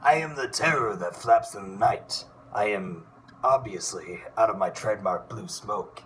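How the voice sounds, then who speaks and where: A man voicing a theatrical, boastful male superhero duck who booms dramatic declarations. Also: lively intonation, a little slow, fairly bright tone, slight background noise. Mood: grandiose.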